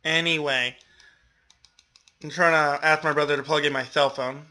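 A young man offers casual gameplay commentary, exclaiming, groaning over his losses, and laughing often at his own expense. His voice is a little high and sharp, with a steady tone and moderate pace.

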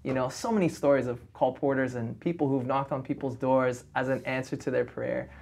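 A man speaks earnestly as a guest on a relaxed podcast. He tells his story with a steady, sincere delivery and leans on "you know" between thoughts. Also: mid-range voice, a little fast, creaky. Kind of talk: casual podcast conversation.

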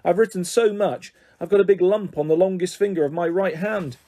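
A man reading a children's book aloud with lively, expressive narration, as the story's host. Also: high voice, fairly quick. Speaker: story reader.

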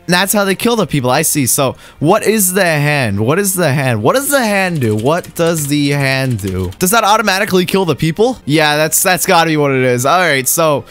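Young male gaming commentator, high-pitched and excitable, light music bed. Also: brisk, few pauses. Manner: excitable, yelps and laughs at mishaps. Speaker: gaming YouTuber. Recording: faint game music underneath.

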